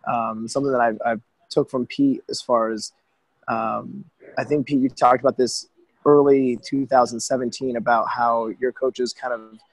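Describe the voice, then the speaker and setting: Hoarse male caller, rambling and casual, level delivery. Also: mid-range voice, level tone, normal speed, no room sound, low-quality recording. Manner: rambling, thinking aloud with fillers. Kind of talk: casual chat on a group call.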